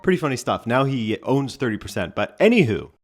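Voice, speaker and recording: A man's voice: medium pitch, very animated, fairly quick, over music. A man hosting a casual football vlog, talking in a rambling, stream-of-consciousness way with wry, opinionated asides. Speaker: football channel host.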